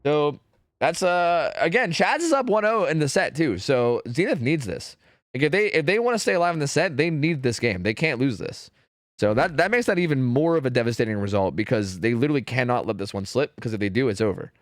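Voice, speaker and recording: A man streaming and casually commentating a competitive match, chatty and profane, thinking out loud. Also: mid-range voice, animated, brisk, dry recording, clean studio sound.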